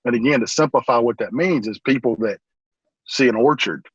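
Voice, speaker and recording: Husky-voiced pastor talking earnestly. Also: male voice, medium pitch, fairly quick, no room sound, lo-fi sound. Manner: rambling, earnest, often says "man". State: emotional, holding back tears. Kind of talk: casual interview talk.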